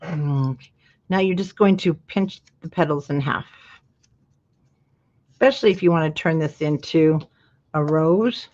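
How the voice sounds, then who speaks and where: Woman, from Utah, craft tutorial host, chatty with asides, slightly low voice, muffled lo-fi audio. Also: a little slow, long pauses, darkish tone. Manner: chatty, breaks off into asides to her husband and viewers.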